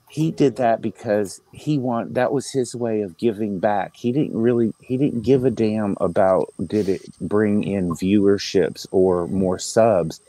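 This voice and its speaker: A man's voice: on the low side, mellow, no echo, poor audio. A man speaking in a casual online panel chat, paying an emotional tribute and often stopping and restarting as he talks. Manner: halting, emotional, with many restarts.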